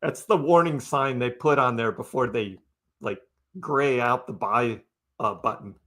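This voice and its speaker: Male live stream host with a mid-range voice, relaxed and chatty, answers chat comments as they come in, laughs easily. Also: medium pitch, unhurried. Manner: chatty and laid-back, laughs often, talks to chat by name.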